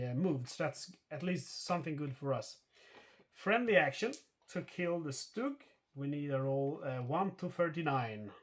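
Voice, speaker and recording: Chatty man explaining a board game. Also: a little high. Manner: thinks aloud with many fillers and self-corrections. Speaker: board game player narrating a solo playthrough. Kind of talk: casual explanatory playthrough commentary.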